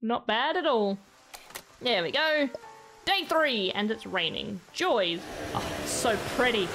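A woman giving let's-play commentary on her gaming channel. Her voice is fairly high and swings in a lively way as she chats, cheers on characters and laughs. Faint music plays behind. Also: slow. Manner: chatty, laughing, talks to game characters.

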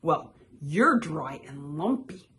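A grumpy, boastful storybook toad, as a woman reading aloud puts him on bellows his indignant comebacks. He speaks slowly and brightly, and his pitch leaps about as he argues. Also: sing-song, heavily acted. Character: grumpy bragging male toad.

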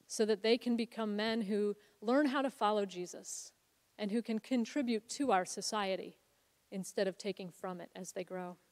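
A woman preaching a sermon as co-founder of a ministry, telling a Bible story in an earnest, reflective way. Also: mid-range voice. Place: church sanctuary. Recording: long hall reverb.

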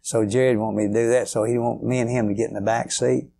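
Fast and warm, with vocal fry and little pitch movement, a medium-pitched man's voice carries this interview. He is an older guitarist guest whose folksy stories ramble and overflow with fillers.

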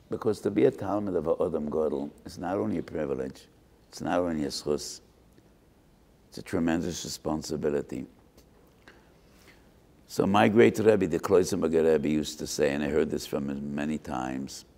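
An older man giving an earnest, measured Torah talk and mixing in Hebrew and terms. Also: rumbling low, gravelly, mellow.

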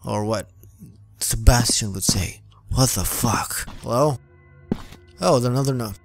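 A man's voice: medium pitch, slow, gravelly. A young man playing a horror game on his channel, jumpy and swearing, yelping and laughing at the scares. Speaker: gaming channel host. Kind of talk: let's play commentary. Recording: game music behind.

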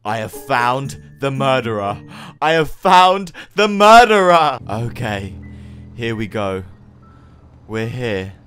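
A man voicing a jumpy young amateur detective who mutters his clues in a low voice and yelps when scared. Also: fairly even intonation, slow pace, pauses often, fairly bright tone, faint music behind. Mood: muttering detective. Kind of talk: comedic game voice-over.

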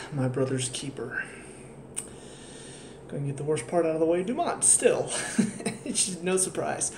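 A man's voice: fairly high pitch, darkish tone, a little hiss or hum. A man giving a casual spoken review of a TV episode, exasperated and sarcastic, sounding tired. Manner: exasperated, ranting, sarcastic asides. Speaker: TV show reviewer. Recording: roomy echo, faint ambience.

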